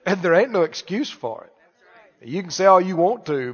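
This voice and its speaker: A male pastor preaching a sermon, drawing replies from the congregation and building to loud, emphatic lines. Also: high voice, sing-song, normal speed. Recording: dull reverberant church hall sound.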